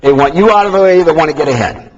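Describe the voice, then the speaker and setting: A man teaching a live seminar class in an animated, joking way, swinging between emphatic and soft delivery. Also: fairly high pitch, quick pace, a little hiss or hum. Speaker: sales trainer. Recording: dull lo-fi recording.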